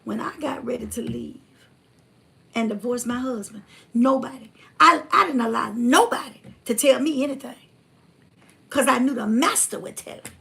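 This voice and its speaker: A woman hosting a livestream, talking bluntly and fiery, reading viewer comments and swinging from loud to hushed. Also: a little high, normal speed, gravelly. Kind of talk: casual preachy livestream talk.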